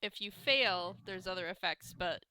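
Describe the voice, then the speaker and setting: A woman's voice: on the low side, moderate pace, sharp tone, clean tone, dry recording. A woman playing a tabletop game who reads the rules aloud and laughs easily. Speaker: player.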